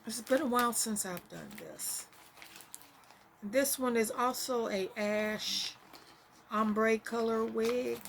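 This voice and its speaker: A woman talks her way through an unboxing at an unhurried pace, drifting into fillers and little asides to herself. Her pitch sits in an ordinary middle range. The recording carries a clear layer of background noise along with crinkling packaging. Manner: chatty, rambling, with trailing fillers and self-talk. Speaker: vlogger. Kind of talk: casual unboxing chat.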